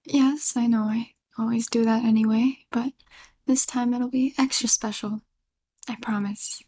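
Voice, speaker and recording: Clingy yandere girlfriend, voiced by a young woman, for a whispered role-play: unhurried, tender, stammering, giggling. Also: on the high side, steady tone, dark tone. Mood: doting, soft.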